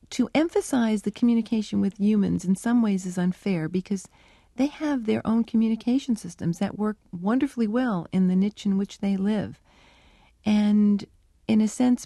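A woman scientist answers interview questions in a reflective, storytelling way. Her voice is gravelly and mellow, and the recording is dry and close. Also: medium pitch, dry recording. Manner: reflective, conversational, with fillers. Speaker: animal cognition researcher, guest.

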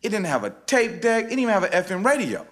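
A man, a rapper telling a spoken-word story in a rhythmic, wry way with dramatic pauses. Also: high-pitched, very animated, a bit bright. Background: guitar music.

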